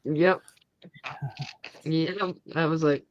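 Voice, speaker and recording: A woman hosting a crafting channel, chatting casually and acting out the family arguments in her story with lively energy. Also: medium pitch, normal speed, lo-fi sound. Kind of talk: casual chat.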